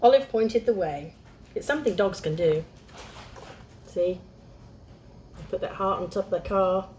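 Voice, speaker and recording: A woman's voice: medium pitch, lively intonation, unhurried, a little mellow, slight background noise. A young woman reading a picture book aloud, chatting to young listeners between lines. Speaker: storyteller.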